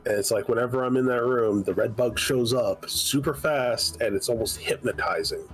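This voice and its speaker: A man's voice: mid-range voice, normal speed, breathy edge, faint music behind, poor audio. A man playing in a tabletop role-play game, talking hesitantly with many uhs. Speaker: player.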